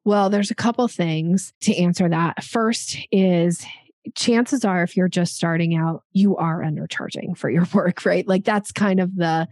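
A woman's voice: fairly low pitch, fairly even intonation, a little slow, a little mellow, no echo, clean studio sound. A woman sales coach giving emphatic conversational advice on an interview, acting out examples of tone.

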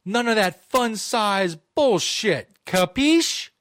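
A man's voice: high-pitched, expressive, slow pace, fairly bright tone, no room sound, clean studio sound, pitched above the performer's own voice, exaggerated voice. A man putting on a pushy tough-guy mobster with a New York accent, brash and demanding.

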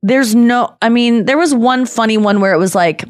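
A woman's voice: fairly high pitch, normal speed, darkish tone, no room sound, studio quality. A woman co-hosting a podcast, chatting casually and telling stories in a rambling way that often breaks off and restarts mid-sentence. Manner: rambling, self-interrupting storyteller. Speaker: podcast co-host. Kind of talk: casual chat.

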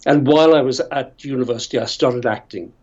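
Older Northern Irish actor guest, rambling raconteur, muffled remote audio. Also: male voice, medium pitch, brisk, darkish tone. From Northern Ireland. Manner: chatty, rambling storyteller who laughs often. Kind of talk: casual interview storytelling.

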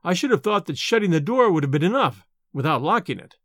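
A man's voice: on the high side, very animated, quick pace, a bit bright, dry recording, clean studio sound, heavily acted. A man voicing a cool, skeptical young medical student who answers in clipped, dismissive lines. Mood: curt, skeptical.

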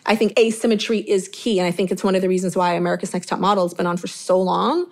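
A middle-aged woman from Inglewood, California, telling stories from her modeling and producing career as an interview guest in a lively, chatty way full of "like" fillers. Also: lowish voice, fast talker. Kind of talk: casual storytelling interview.

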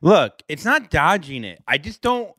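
A young man from St. Louis co-hosting a casual podcast, playful and quick to laugh. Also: on the high side, sing-song, a bit bright, dry recording, studio quality. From St. Louis, USA. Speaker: podcast co-host. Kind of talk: casual chat.

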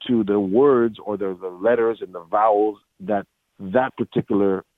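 A man's voice: on the low side, steady tone, normal speed, no echo. A man in a casual interview, telling stories animatedly and acting out quotes, with many restarts. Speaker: voice actor guest. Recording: dry tinny phone-like line.

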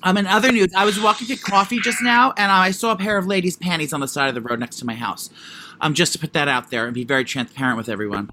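A man co-hosting a podcast, gossiping in a fast, animated way with quick interjections. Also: on the high side, a little hiss or hum. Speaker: podcast co-host. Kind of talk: casual chat.

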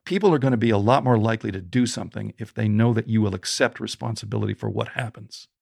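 A man, a storytelling coach, interviewed as a guest and telling a personal story in a vivid, animated way. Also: on the low side, fast talker, creaky, dry recording, studio quality.

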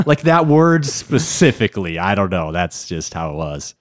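A man with a Minnesotan accent co-hosts a podcast in easygoing chat, his voice sitting a little low. He talks in a relaxed way and laughs often. The sound is dry and close. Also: normal speed, no room sound. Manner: laid-back, laughs easily. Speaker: podcast co-host. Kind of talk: casual chat.

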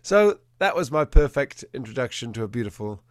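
A man, a dog trainer, telling a story in an animated way and acting out the quotes in a changing voice. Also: medium pitch, a little fast, no room sound. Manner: animated, acts out quotes in a shifting voice. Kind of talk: conversational storytelling.

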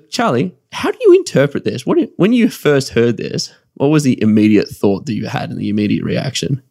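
A man co-hosting a business podcast, talking in an animated, chatty way and laughing often. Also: fairly low pitch, gravelly, dry recording, studio quality. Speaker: podcast co-host. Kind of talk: casual business podcast chat.

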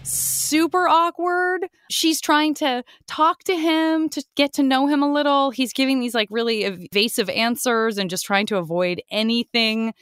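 A woman's voice: high-pitched, fairly even intonation, measured pace, few pauses, a bit bright, clean tone, no echo. A woman co-hosting a podcast who recaps episodes in casual, enthusiastic chat. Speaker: podcast co-host.

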